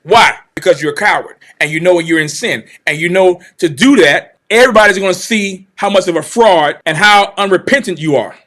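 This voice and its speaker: A man's voice: high voice, brisk, hardly any pauses, bright, forceful tone. A man hosting a livestream, delivering heated, confrontational commentary in a preachy way and repeating phrases for emphasis. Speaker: channel host, commentator.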